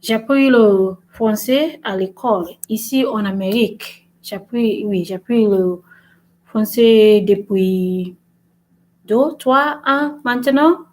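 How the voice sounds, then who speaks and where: A woman's voice: mid-range voice, slow, a little mellow, low-quality recording. Woman, language channel host, casual lesson vlog, mixes French and English, repetitive, frequent "right?". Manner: switches between French and English, repeats herself, keeps asking "right?".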